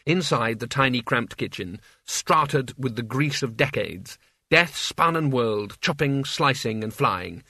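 A man narrating an audiobook in a wry, measured storytelling manner. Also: medium pitch, animated, pushed and bright, breathy edge, no echo. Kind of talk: scripted narration.

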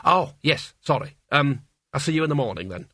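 Kindly absent-minded wizard in a storybook, read by a man, husky, lightly raised. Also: on the high side, animated, brisk, bright, forceful tone, no echo, clean studio sound, full character voice. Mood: mild. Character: bumbling, kindly young male wizard.

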